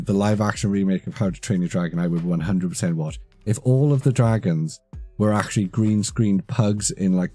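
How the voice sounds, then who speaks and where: A man in his thirties chats on a live stream, rambling and swearing as he goes. His voice sits low and mellow, and faint music plays behind him. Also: husky. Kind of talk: casual live-stream chat.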